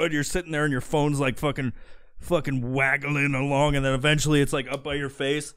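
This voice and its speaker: A man's voice: medium pitch, fairly even intonation, brisk, a bit bright. A man hosting a crude comedy podcast, ranting profanely and acting out voices mid-story. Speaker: podcast host.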